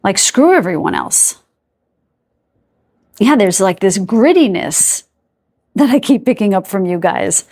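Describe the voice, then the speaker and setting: A woman's voice: medium pitch, very animated, unhurried, long pauses, a little mellow. A woman giving an intuitive tarot reading to camera, chatty and searching for words aloud, stopping to ask her spirit guides for messages. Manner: talks to spirit guides between remarks. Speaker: tarot card reader.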